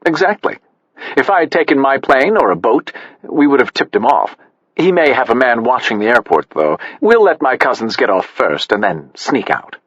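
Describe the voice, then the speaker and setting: A man voicing a cool, self-assured wealthy man with a crisp manner, in an audiobook. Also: mid-range voice, sing-song, moderate pace, fairly bright tone, no room sound. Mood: smug. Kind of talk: audiobook character voice. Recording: dull, slightly muffled.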